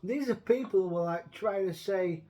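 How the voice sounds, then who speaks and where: A man talking in a casual, rambling rant. His voice sits high for a man. He is blunt and swears freely, often restarting his sentences. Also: moderate pace, mellow. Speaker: show host. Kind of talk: casual chat.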